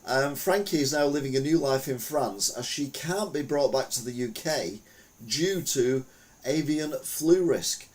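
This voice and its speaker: A man's voice: medium pitch, measured pace, darkish tone. A man hosting a podcast, chatting casually through the news with rambling, wry, self-mocking jokes. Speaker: podcast host.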